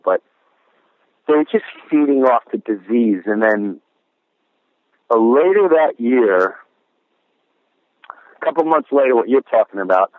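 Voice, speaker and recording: A man's voice: medium pitch, dry recording. A middle-aged man, a comedian guest, telling a story in an interview, sincere and reflective, slipping into voices for the people he quotes. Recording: dry tinny phone-like line.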